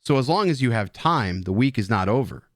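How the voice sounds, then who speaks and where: A man's voice: medium pitch, animated, a little fast, no room sound, clean studio sound. A man hosting a casual live stream, joking and swearing at his chat while drinking beer. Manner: rambling, joking, profane banter with chat.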